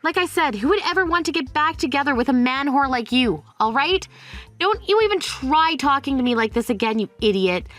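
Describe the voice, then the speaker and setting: A woman's voice: high voice, lively intonation, fairly quick, a bit bright, faint music behind. A woman playing a defiant young divorcee. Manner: cold, cutting, firm. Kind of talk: dramatized story voice acting.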